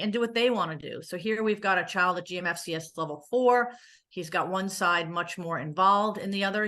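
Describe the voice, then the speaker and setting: A woman therapist speaking at a conference, her voice sitting a little low yet coming across bright and forceful. She talks in a loose, conversational way, dropping in jokes and plenty of "um" fillers as she goes. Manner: conversational with joking asides and frequent fillers. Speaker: pediatric therapist giving a conference talk. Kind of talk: conference presentation.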